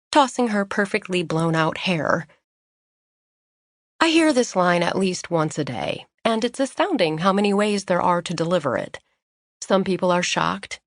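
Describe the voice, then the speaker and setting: A woman reads an audiobook in a wry, sardonic first-person voice, pitched fairly low. The recording is dry and close to the mic, with no room sound. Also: no echo. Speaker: audiobook narrator. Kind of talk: scripted first-person narration. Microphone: close studio mic.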